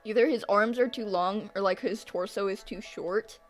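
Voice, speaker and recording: A woman's voice: mid-range voice, normal speed, soft background music. A teenage girl chatting casually with her livestream chat while she draws, laughing often and answering viewers with playful sarcasm. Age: teens. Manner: giggly, sarcastic, talks back to chat. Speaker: art streamer.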